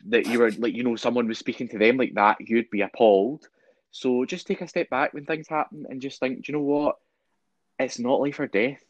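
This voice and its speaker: A man's voice: on the low side, a bit bright, dry recording, muffled recording. A man who is a podcast guest, speaking bluntly and earnestly in casual chat, with some swearing.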